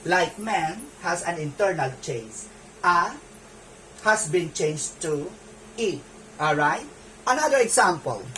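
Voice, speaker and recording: A woman with a Filipino accent gives a grammar lesson at an unhurried, careful pace. She spells out letters one by one and says each point again before moving on. The mic sits some way off, and a faint hum of background noise runs underneath. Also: fairly low pitch, expressive, fairly bright tone, far from the mic, rough recording. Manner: repeats key points, spells out letters, checks in with "okay?". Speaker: teacher.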